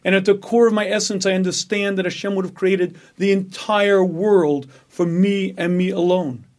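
A rabbi giving a Torah lecture, speaking emphatically, asking rhetorical questions and repeating phrases for effect. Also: male voice, high-pitched, steady tone, normal speed, darkish tone. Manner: acts out an inner voice in dialogue.

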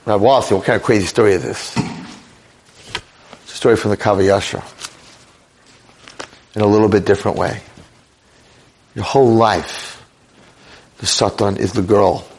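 A middle-aged male rabbi telling a dramatic story in a sermon, with animated delivery. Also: lowish voice, normal speed, pauses often, slight background noise. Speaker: rabbi lecturer.

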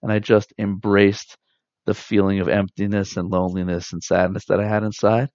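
A man, likely in his thirties, giving an earnest, reflective spiritual talk with soft pauses. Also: lowish voice, level tone, no echo. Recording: dull dry lo-fi sound.

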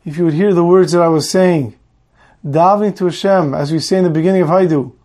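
A man's voice: a little high, fairly even intonation, fast, a little mellow, lightly acted. A man voicing a humble, pious old rebbe who speaks earnestly and pleads.

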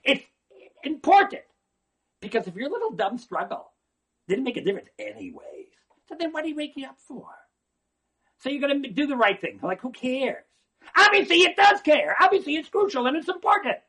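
A man giving an animated religious talk, swinging from hushed asides to near-shouting and often repeating words. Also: very high-pitched, brisk.

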